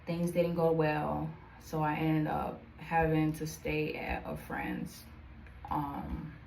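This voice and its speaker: A young woman telling a personal story to camera in a chatty, animated way, full of fillers. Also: low voice, takes it slowly, creaky, a little hiss or hum, low-quality recording. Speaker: vlogger. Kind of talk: casual storytime.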